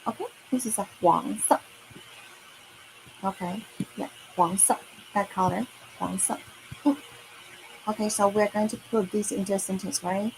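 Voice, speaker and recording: A woman's voice: mid-range voice, steady tone, unhurried, vocal fry, pauses often, slight background noise, rough recording. A woman teaching a lesson for kids, speaking patiently, repeating words and often checking with "okay?" and "right?". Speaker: Mandarin teacher. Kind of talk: online kids' language lesson.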